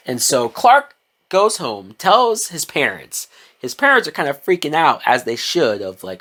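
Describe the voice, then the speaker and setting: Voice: mid-range voice, very animated, a little slow, fairly bright tone. A reviewer gives a casual recap of a TV episode, chatty and swearing often, briefly acting out the characters' lines. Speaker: TV show reviewer.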